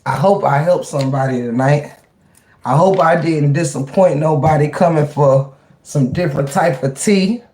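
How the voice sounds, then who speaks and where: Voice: medium pitch, moderate pace, a little mellow, roomy sound. A livestream host chatting casually with viewers, laughing often, turning preachy and motivational, and greeting chat members by name. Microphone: webcam or phone mic.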